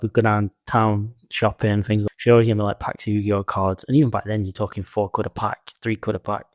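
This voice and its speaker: A man's voice: lowish voice, no echo, studio quality. A man co-hosting a podcast, telling stories in a laid-back, casual chat and swearing freely. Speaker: podcast co-host.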